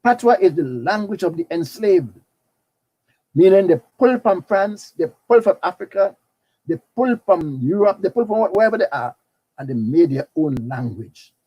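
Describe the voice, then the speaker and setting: A man's voice: sits high, expressive, normal speed, breathy edge, highs cut off. An older man with a Trinidadian accent lecturing on carnival history, telling it with animation, breaking into snatches of calypso song and often repeating words. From Trinidad and Tobago.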